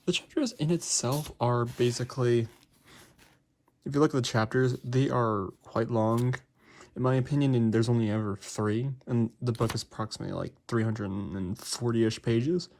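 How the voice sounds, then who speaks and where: A man's voice: medium pitch, normal speed, a little mellow. A young man giving a casual, rambling book review, packed with fillers and restarts. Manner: rambling, heavy on fillers like "like" and "basically".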